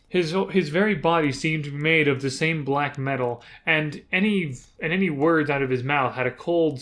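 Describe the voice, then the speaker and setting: A man's voice: a little high, fairly bright tone. A man recapping a tabletop campaign he ran as game master. He tells it casually, with rambling asides and frequent self-corrections.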